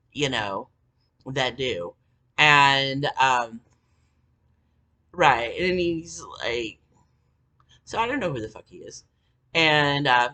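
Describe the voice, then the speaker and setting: Middle-aged woman ranting, husky low voice, swears a lot, lots of like and um. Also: sharp tone. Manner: rambling, profane, many fillers. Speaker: vlogger. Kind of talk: casual storytelling monologue.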